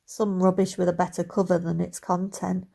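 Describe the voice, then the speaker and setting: A woman voicing a sardonic young woman with a dry, deadpan delivery. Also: lowish voice, moderate pace, vocal fry.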